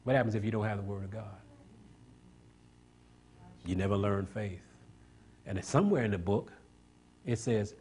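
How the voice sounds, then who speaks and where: A man preaching an impassioned sermon, building to loud emphatic points and asking the congregation questions for response. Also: on the low side, moderate pace, long pauses, a little hiss or hum.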